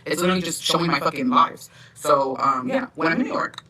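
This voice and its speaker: A woman's voice: low voice, fast, crowd noise. A woman livestreamer talking defiantly and with profanity, heard as a replayed clip. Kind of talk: livestream talk. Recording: livestream clip played from a distance with faint noise.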